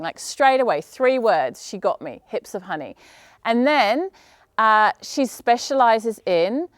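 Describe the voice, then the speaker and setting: A middle-aged woman coaching yoga teachers at a live conference, chatty and lively, with many rhetorical questions and a habit of saying "right?". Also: medium pitch, clear, resonant tone, no echo, clean studio sound. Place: conference room.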